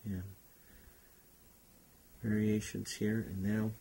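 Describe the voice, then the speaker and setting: A man's voice: on the low side, level tone, slow pace, creaky, mellow, breathy edge. A man teaching a painting class, talking unhurriedly and thinking aloud as he paints. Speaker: painting instructor. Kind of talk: relaxed painting demonstration.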